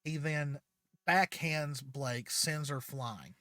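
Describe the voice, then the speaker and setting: A man's voice: fairly high pitch, slow, bright, forceful tone, dry recording, studio quality. A man hosting his channel, casually retelling a fan story with many fillers.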